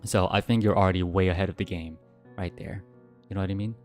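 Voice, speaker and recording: A man's voice: fast talker, faint music behind. A young man streaming a casual Q&A, telling stories animatedly and answering questions. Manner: animated storytelling, jumps to high yelps when recounting fear. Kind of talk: casual Q&A livestream chat.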